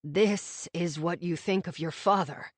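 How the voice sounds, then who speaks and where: A woman reading an audiobook voices a reserved older male CEO father, speaking slowly in measured, clipped phrases. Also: on the low side, dry recording, pitched below the performer's own voice. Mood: stern.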